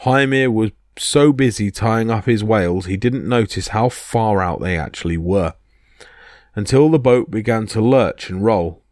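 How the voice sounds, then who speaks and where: A man's voice: fairly low pitch, a little slow, no room sound, clean studio sound. A man narrating myths as a podcast storyteller, reading expressively. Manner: expressive reading that voices each character.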